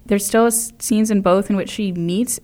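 A woman with a mid-range voice co-hosts a casual conversation about musicals. She talks in an animated way and sounds incredulous at the odd details she brings up. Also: medium pitch. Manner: animated, incredulous, quick to laugh. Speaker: podcast co-host.

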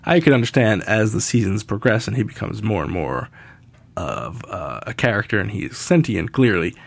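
A man's voice: fairly low pitch, animated, normal speed, gravelly, slightly rough. A man hosting a casual podcast, chatty, laughing often and acting out characters' lines as he recaps an episode. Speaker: podcast host.

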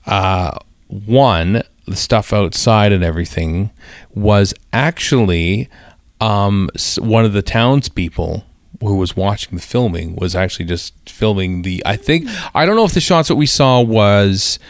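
A man's voice: fairly low pitch, lively intonation, a little slow, dry recording, clean studio sound. A man co-hosting a podcast, chatting casually and rambling through his thoughts with lots of fillers and restarts. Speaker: podcast co-host. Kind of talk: casual chat.

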